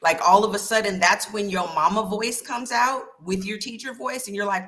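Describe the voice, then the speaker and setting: A woman, a former middle school teacher, being interviewed on a livestream, telling lively stories and acting out voices. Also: mid-range voice, normal speed, hardly any pauses. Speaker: guest author and former teacher.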